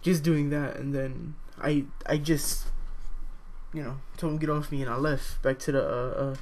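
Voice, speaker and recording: A young man telling a personal story in a halting, hesitant way, full of fillers, now and then jumping to a higher voice to quote people. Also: fairly even intonation, darkish tone. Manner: acts out quoted voices with sudden high pitch.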